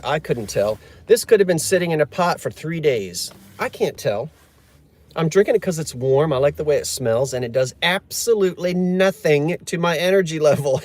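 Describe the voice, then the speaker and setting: Chatty man with a fairly high voice. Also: darkish tone. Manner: chatty, jokey, reads and answers viewer comments. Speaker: livestream host. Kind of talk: casual live-stream chat.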